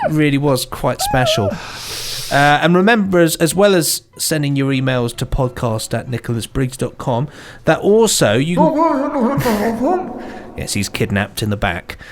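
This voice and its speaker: A man co-hosting a podcast in casual, rambling, enthusiastic chat. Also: on the high side. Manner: rambling, enthusiastic, hums theme tunes. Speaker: podcast co-host.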